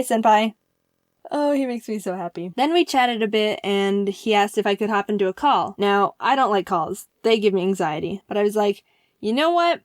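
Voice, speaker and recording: A young woman tells a comedic story with quick bursts of excitement, giggles and self-mocking asides. Her voice sits a little high, and the recording is close and dry with no room echo. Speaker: animated storyteller.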